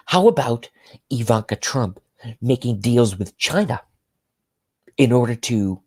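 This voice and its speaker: A man's voice: mid-range voice, expressive, a little slow. A man putting on a mocking impression of a condescending female cable news host, asking patronizing questions.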